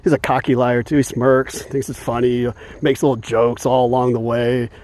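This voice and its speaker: Mellow-voiced man ranting on a walk. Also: medium pitch, level tone, normal speed. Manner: heated and indignant, chuckles often. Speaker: vlogger. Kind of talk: casual rant while walking. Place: outdoors on an evening walk.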